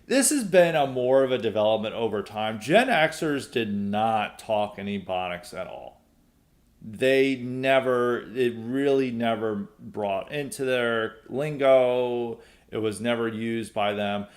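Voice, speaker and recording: A man's voice: medium pitch, lively intonation, slow. Young guy hosting a podcast, rambly, lots of ums, reading out listener questions. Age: young adult. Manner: rambling, frequent fillers and restarts. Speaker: podcast host. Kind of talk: casual mailbag commentary.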